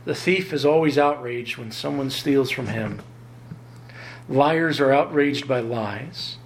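A man preaching a sermon, emphatic and lively, often jumping up in pitch to drive home a point. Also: slow, a little hiss or hum. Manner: emphatic, rises sharply in pitch to stress points. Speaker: pastor.

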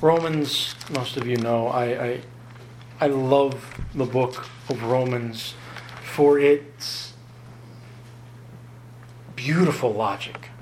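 A man preaching a sermon, emphatic and lively, often jumping up in pitch to drive home a point. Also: slow pace, pauses often, slight background noise. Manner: emphatic, rises sharply in pitch to stress points. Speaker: pastor.

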